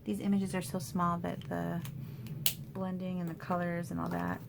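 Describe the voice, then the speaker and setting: Chatty low gravelly woman crafter. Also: monotone, moderate pace, very noisy. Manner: chatty, thinking aloud, soft asides under her breath. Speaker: paper craft demonstrator. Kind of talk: casual craft tutorial.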